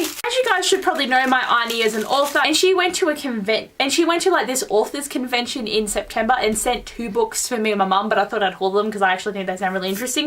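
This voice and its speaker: A young woman chatting excitedly through a casual book haul vlog at home, with many fillers. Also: a little high. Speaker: book vlogger.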